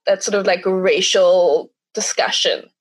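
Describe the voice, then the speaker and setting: A young woman talking casually as a podcast guest, chatty and quick to laugh, acting out her own thoughts. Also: lowish voice. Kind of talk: casual chat.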